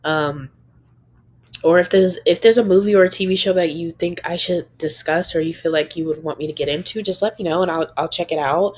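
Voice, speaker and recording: A woman's voice: fairly low pitch, a little mellow. Young woman podcast host, stuffed up and nasal, slightly strained; loose, rambling solo talk. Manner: rambling, many "um" and "like". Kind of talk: casual solo podcast chat.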